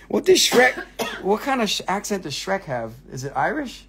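With a high voice that swings hugely in pitch, this man speaks slowly, pauses often and sounds a bit bright over slight background noise. He's an Appalachian Valley, United States host selling rocks and minerals live, chatting loosely with jokes, swearing, frequent laughs and comic accents.

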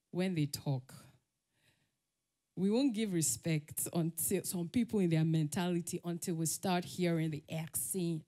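A woman's voice: fairly low pitch, a little mellow. A woman with a Nigerian accent giving a conference talk, telling personal stories, laughing often and acting out the voices she quotes. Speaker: conference speaker. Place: summit stage.

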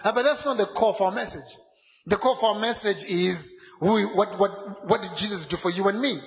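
Pastor, male, fervent sermon delivery, rises into shouts, echoey hall. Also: high voice, moderate pace. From Zimbabwe. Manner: fervent preaching, rising into shouts and sung phrases.

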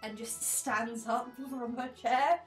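A woman's voice: fairly high pitch, fairly even intonation, takes it slowly, faint music behind. A woman narrating as game master of a tabletop game, chatty and casual. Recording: echoey room.

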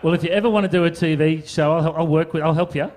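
A man's voice: on the high side, fairly even intonation, fast talker, a little mellow, slight background noise. A man interviewing musicians, asking questions and giving short, encouraging replies. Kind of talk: casual interview.

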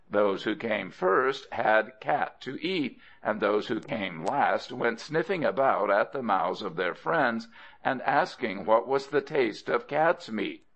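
A man narrating an audiobook of folk tales in an expressive way, speaking directly to the listener. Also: lowish voice, lo-fi sound. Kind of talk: storybook narration.

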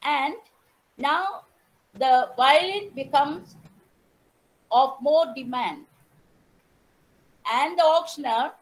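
Woman, Indian English accent, high voice, unhurried, repeats phrases, quizzes listeners. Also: rough recording. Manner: measured, repeats phrases, asks the audience questions. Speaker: teacher educator giving an online talk. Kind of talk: slow storytelling lecture to an online audience.

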